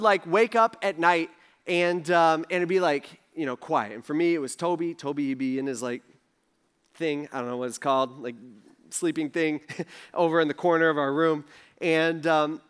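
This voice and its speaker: A man's voice: on the high side, a bit bright, clear, resonant tone. A young man giving a casual sermon, telling stories in a chatty way, acting out people's words with lots of fillers. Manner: chatty, acts out characters in quotes, lots of fillers. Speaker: pastor.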